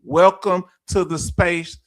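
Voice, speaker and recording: Male livestream host, Southern accent, fairly high voice, laughs easily and trips over his words. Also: steady tone, slow pace, a bit bright. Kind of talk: casual livestream chat, reading viewer comments.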